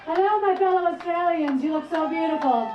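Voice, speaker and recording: A woman professor born abroad giving a measured, articulate speech to a rally crowd. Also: very high voice, background noise. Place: outdoor rally over loudspeakers. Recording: echoey distant lo-fi rally sound.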